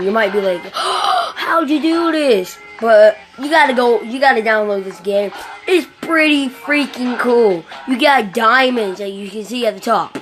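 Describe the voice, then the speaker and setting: A woman giving rambling, excitable commentary while playing a mobile game, swearing a lot, recorded on a phone mic. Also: mid-range voice. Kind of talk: casual gameplay commentary. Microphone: phone microphone during screen recording. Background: game music.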